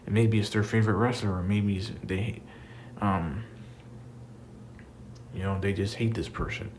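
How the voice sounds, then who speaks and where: A man's voice: fairly low pitch, fairly even intonation, a little slow, a little mellow, a little hiss or hum, low-quality recording. A young man ranting casually about wrestling, frustrated and repetitive, with many fillers. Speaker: wrestling commentator. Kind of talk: casual rant to camera.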